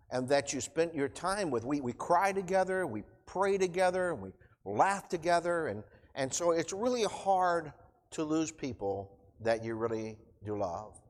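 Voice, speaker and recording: Middle-aged guy preaching, kinda high voice, choked up and rambling, big echoey church. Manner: emotional, choked up, rambling with restarts. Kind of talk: informal sermon. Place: church hall. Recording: long church reverb.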